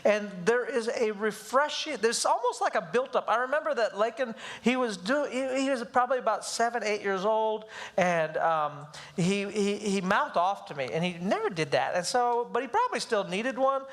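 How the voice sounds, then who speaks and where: A man teaching a parenting class at a church, telling lively stories about raising his kids and acting out their voices. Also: high voice, moderate pace. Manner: animated storytelling, acts out voices of his kids. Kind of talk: live church class talk.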